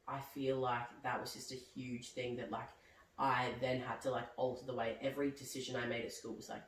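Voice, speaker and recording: A young man, chatting casually as a podcast guest and rambling with lots of "like". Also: mid-range voice. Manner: rambling, heavy use of "like". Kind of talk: casual chat. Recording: roomy echo, distant mic, faint background noise.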